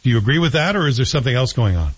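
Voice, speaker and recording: Chatty talk radio host. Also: male voice, mid-range voice, very animated, rapid-fire, breathy edge. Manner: chatty, self-deprecating, joking asides. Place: radio studio. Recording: dull radio broadcast.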